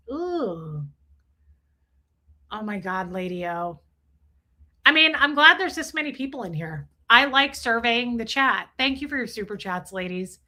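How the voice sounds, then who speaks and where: A woman in her forties hosting a live stream, chatting casually and crudely while reading viewer comments aloud. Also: a little high. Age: 40s. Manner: crude, joking, animated, reads chat aloud. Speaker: livestream host reading chat.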